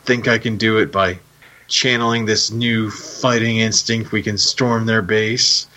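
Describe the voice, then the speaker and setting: A man's voice: fairly low pitch, fairly even intonation, unhurried, bright, forceful tone, pitched above the performer's own voice, poor audio. A man voicing a male robot leader from a cartoon who is struggling to hold back his rage, in a tense, clipped manner. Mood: strained.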